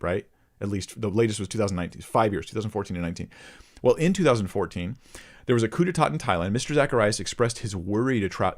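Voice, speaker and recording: A man hosting a ministry channel, reading a report aloud and stopping to comment earnestly to his viewers. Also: lowish voice. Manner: earnest, addresses viewers directly. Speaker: host of a Christian ministry channel.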